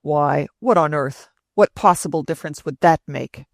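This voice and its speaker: A woman's voice: low-pitched, normal speed, gravelly, no room sound, clean studio sound. A woman reading the part of an elderly, irritable grandfather who speaks in agitated protests.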